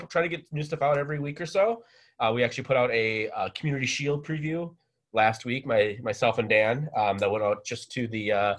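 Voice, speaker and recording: A man hosting a casual sports podcast, talking in a rambling way with lots of fillers. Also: mid-range voice. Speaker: podcast host. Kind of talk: casual chat.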